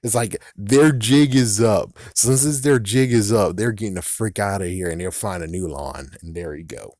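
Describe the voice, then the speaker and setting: A man's voice: fairly low pitch, moderate pace, a little mellow, dry recording, studio quality. A man talking casually on his own, thinking aloud with many restarts and loose slang. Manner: casual, says "freaking" often. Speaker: fan channel host. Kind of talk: casual solo commentary.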